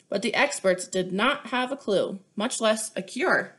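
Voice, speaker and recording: A woman's voice: mid-range voice, a little slow. Woman reading a picture book aloud. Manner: expressive and clear, showing pages. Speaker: storyteller.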